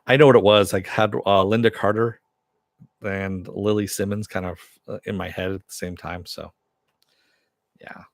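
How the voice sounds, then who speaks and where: A man with a low voice hosts a casual live stream, reading viewer comments and riffing on them. He rambles and laughs at himself often. The sound is dry and close. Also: fairly even intonation, normal speed, pauses often, no echo. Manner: rambling, self-deprecating, chuckles often.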